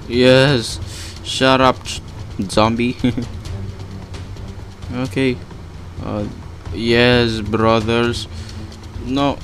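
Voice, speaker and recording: A man's voice: mid-range voice, extremely slow, pauses often, slight background noise. Panicky young man narrating his gameplay. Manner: panicky, exclaiming, laughing often. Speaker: gaming channel host. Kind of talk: live gameplay commentary.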